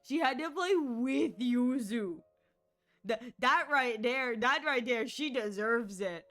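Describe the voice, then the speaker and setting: A woman's voice: a little high, slow, a bit bright, soft background music. A woman streaming a game, laughing hard and squealing through casual commentary.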